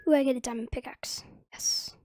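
A woman casually commenting as she plays a video game, hesitant with frequent ums and bursts of excited squealing. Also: high voice, a little fast, loud music behind the voice. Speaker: gamer.

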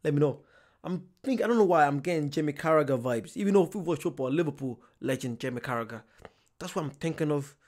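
A man's voice: on the high side, lively intonation, fast, darkish tone. A man hosting a reaction video, musing aloud in muttered asides to his viewers. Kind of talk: casual reaction commentary.

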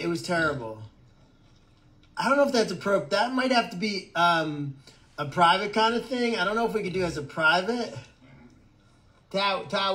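A man's voice: high voice, fairly bright tone. A man hosting a casual livestream from an animal sanctuary, answering viewer comments in a joking, rambling way with stammered restarts.

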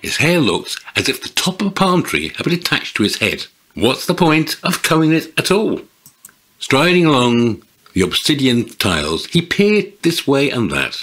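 A man giving a lively, expressive reading of a fantasy manuscript aloud. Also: lowish voice, breathy edge. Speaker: reader of a manuscript submission. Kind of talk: dramatic reading of fiction.

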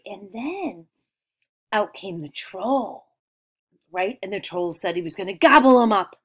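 A woman teacher guiding young children through retelling a story, asking questions and praising their answers. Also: mid-range voice. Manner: slow, encouraging questions.

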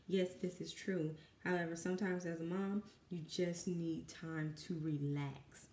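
A woman's voice: deep voice, fairly even intonation, moderate pace, hardly any pauses, dark tone. A young woman with a Southern accent and a dry voice, nervously rambling as she talks through a painting at home. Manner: rambling, self-conscious, many fillers. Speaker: artist and mother. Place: home room with kids in the background. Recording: echoey room.

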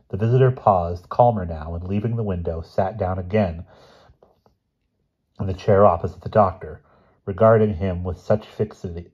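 A man reading a literary short story aloud in a measured, unhurried storytelling manner. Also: deep voice, a little mellow, husky, dull audio. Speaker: audiobook reader.

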